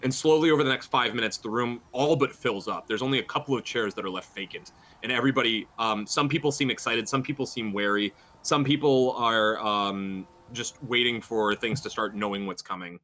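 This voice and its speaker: A man's voice: medium pitch, a little fast, bright, forceful tone. A man running a tabletop horror game as game master, narrating in a rambling, improvised way with many fillers.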